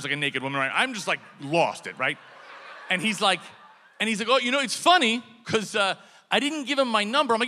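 A man telling a comic story on stage, acting out the people in it and breaking into shouted dialogue. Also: high-pitched, a little fast. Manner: animated, acts out shouted dialogue. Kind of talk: live comedic storytelling. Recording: long hall reverb.

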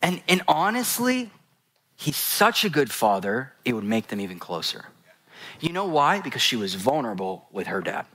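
A man's voice: mid-range voice, normal speed. A man preaching a sermon to a congregation, telling stories with jokes and asides. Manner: animated storytelling, addresses congregation, jokes.

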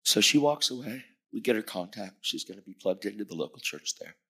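A man's voice: fairly low pitch, expressive, a little fast, vocal fry, bright, forceful tone, slightly rough. A man in his fifties preaching as a guest speaker, telling a personal story with emphasis and acting out the dialogue. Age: 50s. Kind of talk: sermon told as a personal story.

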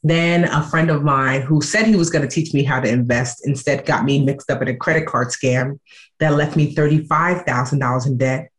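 A woman in her thirties, a guest in an interview, telling her story in a lively, animated way. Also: very deep voice, moderate pace. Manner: animated, acts out quoted voices.

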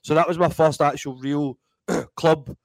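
A Scottish man in his thirties, a DJ and comedian telling animated, sweary stories in a casual interview. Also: a little high, unhurried, no room sound, rough recording. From Scotland. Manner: animated, swears freely, acts out voices in anecdotes. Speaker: guest DJ and comedian.

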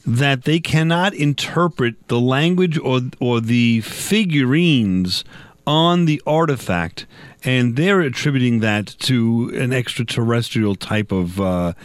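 A man's voice: medium pitch, expressive, takes it slowly, no echo. A man hosting a casual talk show, rambling and correcting himself with jokey asides. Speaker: show host.

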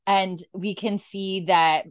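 A woman's voice: mid-range voice, slow, dry recording, clean studio sound. A woman co-hosting a casual podcast, retelling TV scenes line by line with fillers. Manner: recounts dialogue in a flat retelling voice, casual fillers. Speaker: podcast co-host recapping a TV episode.

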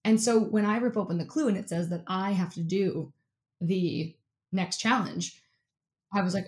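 A woman guest in an interview, telling a lively story in a casual way, with lots of "like" and frequent laughter. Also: medium pitch, normal speed. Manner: animated, fills speech with "like", laughs often. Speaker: interview guest, athlete and keynote speaker.

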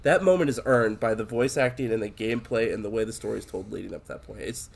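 A man's voice: fairly low pitch, quick pace, vocal fry. A man chatting casually about a video game, rambling with lots of fillers and restarts and swearing freely.

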